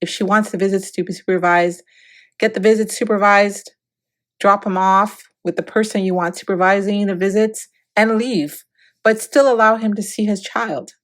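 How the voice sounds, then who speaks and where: A woman's voice: mid-range voice, fairly even intonation, normal speed. A woman hosting a celebrity gossip vlog, giving preachy, opinionated commentary with emphatic repetition.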